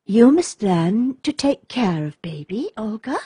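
A woman reading the part of a gentle young widowed princess mother, speaking tenderly and gravely in a soft, husky voice. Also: on the high side, sing-song, measured pace, dry recording, clean studio sound, exaggerated voice.

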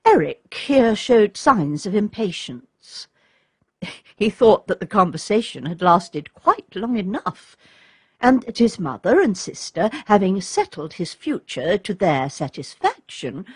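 A woman narrates a storybook in a calm, measured reading. Her voice is husky and her pace is slow and unhurried. The recording is dry and close, with no room echo. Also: mid-range voice. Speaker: audiobook narrator.

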